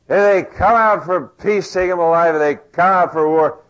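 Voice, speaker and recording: A man voicing a boastful, macho enemy king who speaks smugly and loudly. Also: sits high, moderate pace, muffled recording, voice pushed up. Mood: cocky. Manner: macho, smug, loud.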